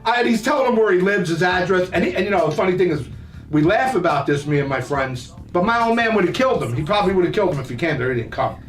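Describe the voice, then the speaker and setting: An older podcast host from New Jersey fires off rambling, profane childhood stories while laughing, in casual storytelling mode. He has a high-pitched, animated voice and talks fast. The mic is at a distance, with roomy echo and faint music.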